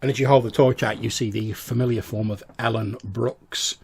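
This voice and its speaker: Gravelly guy running a tabletop game, kinda husky, rambly scene-setting. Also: mid-range voice, steady tone, moderate pace, darkish tone. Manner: descriptive, hedging with "like" and "sort of". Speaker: game master.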